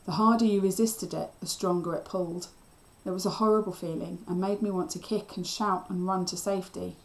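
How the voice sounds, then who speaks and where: A woman's voice: fairly low pitch, a little fast, poor audio. Woman reading a children's novel aloud. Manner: steady, expressive storytelling. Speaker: teacher.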